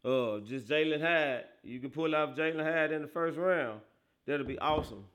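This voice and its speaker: Man, livestream host, casual football reaction, quick to laugh, loud outbursts, bright edgy voice. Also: on the high side, clear, resonant tone. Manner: excitable, laughs often, bursts into loud outbursts, talks to chat; slangy, animated football banter.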